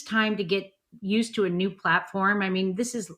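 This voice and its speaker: A woman's voice: mid-range voice, steady tone, normal speed, hardly any pauses, a bit bright. A woman hosting a live chat show, gushing with enthusiasm about her upcoming guests. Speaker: host.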